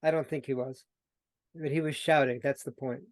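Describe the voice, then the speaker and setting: A man's voice: medium pitch, normal speed, no echo. A man telling personal stories as a guest on an interview show. He brings the story to life by acting out the dialogue, and he sometimes repeats and restarts his words. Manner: animated storyteller who acts out quoted dialogue; repeats himself and restarts when searching for words. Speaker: guest, personal transformation coach. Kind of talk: storytelling in conversation.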